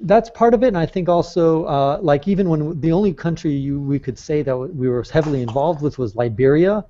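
A man's voice: on the high side, fairly quick, mellow. A man being interviewed as a travel author on a podcast, talking at length in a casual way and restarting his sentences often. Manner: talkative, explains at length with restarts. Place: calling in from abroad. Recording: slightly muffled audio.

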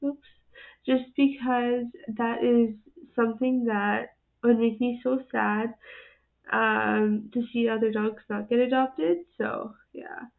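A woman chats through her reactions in an unhurried, giggly way and laughs often between remarks. Her slightly high voice has a gravelly fry, and the sound is thin and tinny like a phone line. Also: level tone. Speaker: host of an animal video reaction channel. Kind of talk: casual reaction commentary.

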